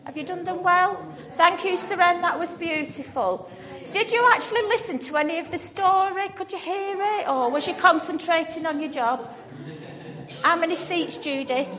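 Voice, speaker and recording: A woman's voice: extremely high pitch, moderate pace, a bit bright. A woman leading an all-age church talk, encouraging children and calling them by name. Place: church hall. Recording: reverberant church hall, faint music.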